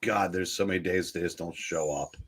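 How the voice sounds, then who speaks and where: A man chatting casually on a live stream, ranting in an animated, exasperated way like a frustrated sports fan. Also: deep voice, a little fast, breathy edge.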